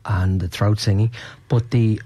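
A man's voice: fairly low pitch, fairly even intonation, measured pace, warm tone, husky, no echo. A man hosting a radio show, chatting casually and rambling, often repeating words as he talks. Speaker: radio host.

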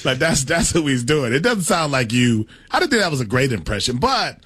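A man's voice: medium pitch, big pitch swings, brisk, fairly bright tone. A man co-hosting a show in a casual, teasing chat, laughing along. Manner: teasing, laid-back, laughing. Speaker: co-host.

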